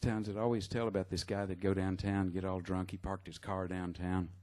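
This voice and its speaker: A man, a singer-songwriter, chatting between songs at a live show in a halting, rambling way with many fillers. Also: low-pitched, flat delivery, a little mellow. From Texas. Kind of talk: stage banter between songs. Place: live music venue. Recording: live concert with guitar playing. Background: guitar music.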